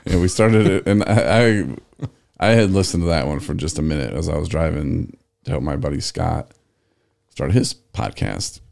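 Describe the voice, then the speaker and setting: Gravelly low-voiced man telling rambling stories. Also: moderate pace. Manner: rambling, animated retelling with acted-out quotes. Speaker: podcast host. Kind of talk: casual storytelling chat.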